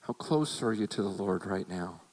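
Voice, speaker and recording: A man's voice: deep voice, lively intonation, moderate pace, darkish tone, low-quality recording. A man preaching a sermon as a pastor, talking earnestly and conversationally and often repeating words as he restarts.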